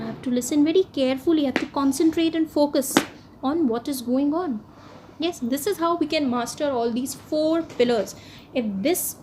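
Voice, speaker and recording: A woman delivers an online lesson in a clearly high voice. She talks emphatically, often opening with "yes" and posing questions she then answers herself. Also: a little mellow, slight background noise, low-quality recording. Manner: emphatic, keeps starting lines with "yes", asks and answers her own questions. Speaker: English teacher.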